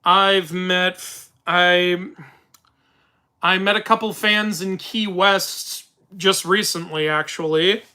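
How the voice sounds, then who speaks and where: Chatty young man, bright voice. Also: sits high, fairly even intonation, slow, smooth. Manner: rambling, frequent restarts, laughs while telling stories. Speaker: YouTube mythology channel host. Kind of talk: casual live-stream Q&A. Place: his room at home. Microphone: phone.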